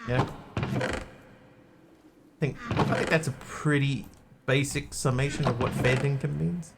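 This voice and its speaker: A man's voice: mid-range voice, fairly even intonation, a little slow, creaky, very noisy. A man streaming a building game, chatting casually and joking as he reads chat aloud.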